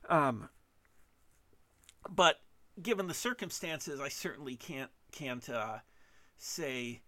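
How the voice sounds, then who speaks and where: A man hosting a solo podcast monologue, halting and self-deprecating, with frequent restarts and fillers. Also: medium pitch, animated, pushed and bright. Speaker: podcast host.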